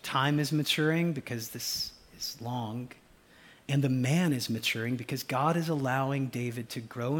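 A pastor preaching a sermon, swinging from loud urgency to a hushed, almost whispered delivery. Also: male voice, mid-range voice, normal speed. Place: church sanctuary.

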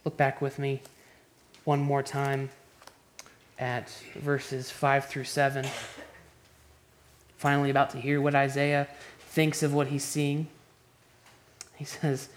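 A man preaching a sermon, moving between hushed, quiet passages and loud, impassioned ones, often restarting his words. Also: mid-range voice, completely flat delivery, takes it slowly, pauses often. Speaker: pastor.

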